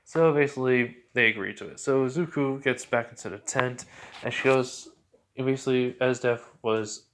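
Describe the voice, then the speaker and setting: A man's voice: medium pitch, moderate pace, a bit bright, slight background noise. A man casually narrating an improvised fan story, rambling with lots of fillers and restarts. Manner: rambling, full of fillers like "well" and "basically".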